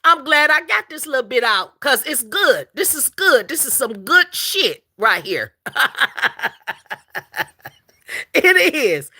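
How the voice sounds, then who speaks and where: High, bright-voiced woman preaching emphatically. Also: big pitch swings, slow. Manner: emphatic, repetitive, laughs often, addresses the audience as "collective". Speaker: spiritual livestream host. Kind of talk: casual spiritual livestream talk.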